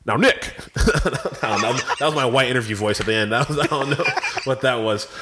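A man's voice: mid-range voice, fairly quick, noisy background. Laid-back rambling male podcast host. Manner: rambling, laughing, lots of filler. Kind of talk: casual chat.

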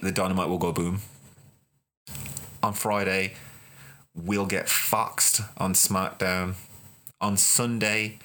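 Man, young adult, very low voice, wrestling video host, impassioned monologue, emphatic repetition. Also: a bit bright. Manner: emphatic, builds with repeated phrases.

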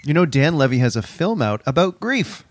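A man's voice: a little high, very animated, moderate pace. A man on a casual comedy podcast, dropping dry joking asides.

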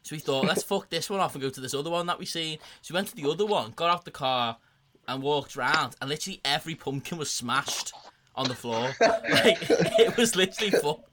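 Bright, sweary young man. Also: on the high side, lively intonation, fairly quick, a little hiss or hum. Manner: sweary, laughing storyteller. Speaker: podcast co-host. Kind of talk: casual chat.

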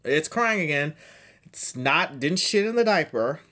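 A man's voice: fairly high pitch, expressive, unhurried, pushed and bright. A man in his thirties, a podcast host rambling through a profane, self-mocking comedic monologue. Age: 30s.

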